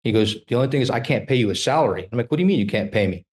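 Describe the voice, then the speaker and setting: A man in his fifties, a trial lawyer telling animated stories in a casual interview and acting out the dialogue. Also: mid-range voice, very fast.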